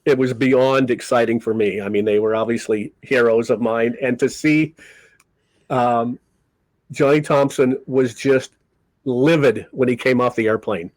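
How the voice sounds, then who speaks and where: Older man, lively raconteur, dry sound. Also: mid-range voice, unhurried, no room sound, rough recording. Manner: animated raconteur who acts out quoted people. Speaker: guest comedy magician. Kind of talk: casual storytelling interview.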